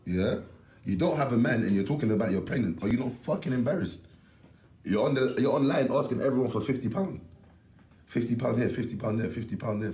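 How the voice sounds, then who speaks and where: A man's voice: mid-range voice, darkish tone. Young man, slangy, emphatic rant, swears a lot, roomy echo on the mic. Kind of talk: casual ranting story.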